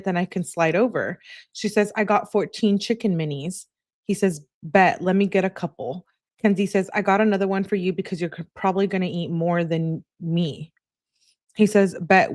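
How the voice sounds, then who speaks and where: A woman's voice: mid-range voice, a little mellow, no echo, studio quality. A woman hosting a true-crime channel, reading text messages aloud and adding chatty asides between the lines.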